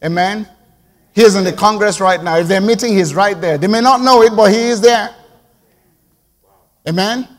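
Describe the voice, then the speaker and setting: A man preaching a sermon to his congregation, moving from quiet reflection to emphatic call-and-response. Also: sits high, moderate pace, long pauses, big-room sound. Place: church sanctuary.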